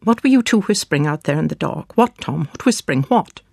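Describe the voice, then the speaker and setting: A grief-stricken mother in her bed, shrill and pleading, her words tumbling out faster as she accuses and then breaks down, as a storybook reader puts her on. The voice carries a gravelly rasp. It sits dry and close, with no room around it. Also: expressive, a little mellow, no echo. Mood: suspicious. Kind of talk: dramatic storybook reading.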